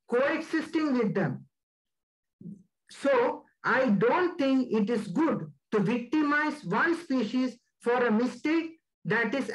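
A man's voice: very high voice, a bit bright, rough recording. Male guest speaker, earnest and emphatic, lecturing to students. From India. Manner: earnest, emphatic, stresses key words. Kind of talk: talk on wildlife conservation.

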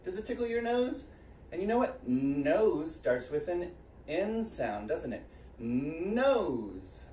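A man leading a preschool music class online, cheerful and encouraging, talking slowly and sing-song to young children. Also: on the high side, very animated, mellow, echoey room, far from the mic, slight background noise. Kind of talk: virtual kids' music class. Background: guitar and tambourine.

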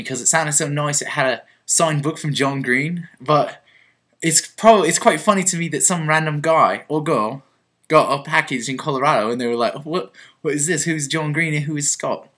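Bright-voiced young man rambling in a mock confession. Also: a little high, normal speed. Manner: rambling, mock-earnest with stammered restarts. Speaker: vlogger on a group channel. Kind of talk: comic mock-confession vlog.

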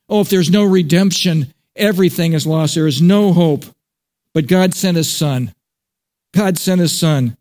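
A man preaching a sermon as pastor, emphatic, repeating key phrases and slowing down for weight. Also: fairly high pitch, darkish tone.

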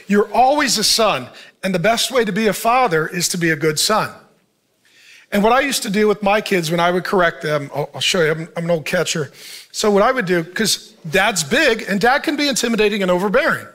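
A middle-aged pastor with a fairly high voice, preaching in a relaxed, conversational way. He throws questions out to the audience and slips into short acted lines of dialogue as he talks. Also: a little fast. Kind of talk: sermon.

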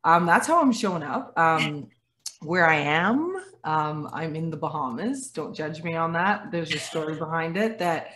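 A woman's voice: sits low, measured pace, slight background noise. A woman in her forties from Dominica who grew up in Canada, talking as a guest on a video call and acting out the voices in her stories. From Dominica, raised in Canada. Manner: animated storyteller, acts out quoted voices, laughs often. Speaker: guest speaker, former athlete.

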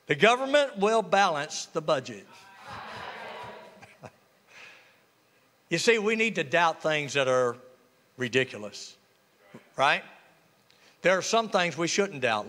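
A high, bright man's voice, swooping up and down as a pastor preaches and jokes with his congregation. His call-and-response sermon carries through a reverberant church hall. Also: lively intonation, measured pace, long pauses. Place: church sanctuary.

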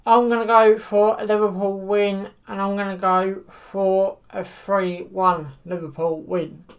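Hesitant woman vlogger. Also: mid-range voice. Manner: hesitant, many fillers like "you know". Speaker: football predictions vlogger. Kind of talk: casual solo commentary to camera.

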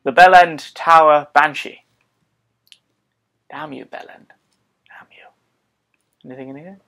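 A man commenting on his own gameplay in an excitable, joking way, often exclaiming to himself. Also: a little high, moderate pace. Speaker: gaming video host. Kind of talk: let's play commentary.

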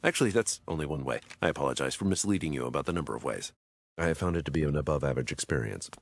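An actor playing a stiff, overly literal grown man who talks formally, with deadpan precision. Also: extremely low pitch, racing, no echo, full character voice.

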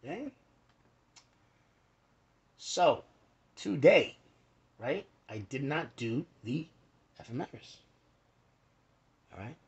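A young man hosting an astrology talk in a casual, rambling way, swearing and jumping between shouts and whispers as he acts out quotes. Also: medium pitch, very animated, takes it slowly, long pauses, slightly rough, highs cut off.

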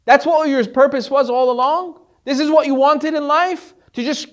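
A man's voice: very high-pitched, fairly even intonation, moderate pace, lo-fi sound, voice pushed up. A man voicing a stern rabbi who scolds and lectures his student with rhetorical questions. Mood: scolding.

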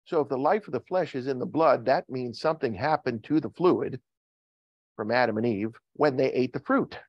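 Joking preacher, dull recording. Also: male voice, normal speed, no echo. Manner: joking, asks the congregation questions, lively swings in pitch. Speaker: pastor. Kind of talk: sermon. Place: church. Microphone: video call recording.

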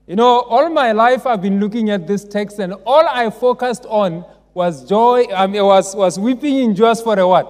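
High-voiced man preaching in a church hall. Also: expressive, measured pace. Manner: call-and-response, rising to emphatic shouts. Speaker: pastor. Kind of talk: sermon. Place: large church. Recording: long church reverb.

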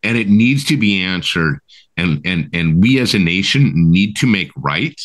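A man's voice: sits low, expressive, measured pace, a bit bright. A man co-hosting a podcast, ranting with heated, emphatic and profane talk, often asking "right?". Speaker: co-host. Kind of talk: impassioned podcast rant.

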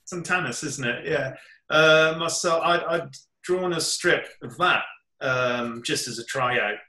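A man's voice: fairly high pitch, slow, bright, forceful tone. A man in his fifties from England, a comic artist guest telling his story in a rambling way, full of ums and restarts. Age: 50s. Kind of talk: casual chat. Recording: roomy echo.

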